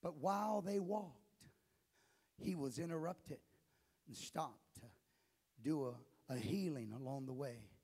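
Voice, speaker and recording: Male pastor, sermon, slow and deliberate, gravelly, impassioned shouting. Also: a little high.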